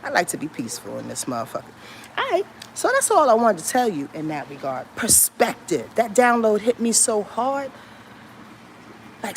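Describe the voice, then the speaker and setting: Lively, profane woman astrologer on a phone. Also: mid-range voice, moderate pace, slight background noise. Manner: animated, profane, emphatic and repetitive. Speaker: astrologer hosting a weekly rundown. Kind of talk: casual livestream talk. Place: moving through a building. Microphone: handheld phone.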